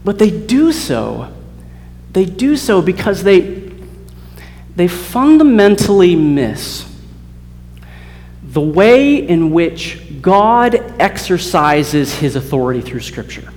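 High-voiced man preaching in a hall. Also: big pitch swings, slow pace, long pauses, a little mellow. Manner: earnest, many repeated starts, acts out quoted voices. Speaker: campus preacher. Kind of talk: sermon. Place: college hall.

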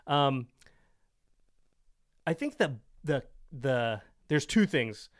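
A man co-hosting a casual podcast chat, animated and emphatic, laughing often. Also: mid-range voice, drawn-out words. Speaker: podcast co-host.

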